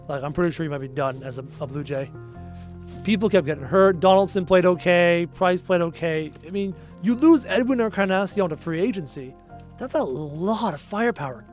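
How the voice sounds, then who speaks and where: A man with a fairly high voice chats through a late-night gaming stream from home. He sounds tired and rambles on, often letting his phrases fade away. Soft music plays quietly underneath. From Canada. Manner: chatty and rambling, trailing off quietly at phrase ends. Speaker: gaming livestreamer. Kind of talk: casual livestream chat, reading viewer comments aloud.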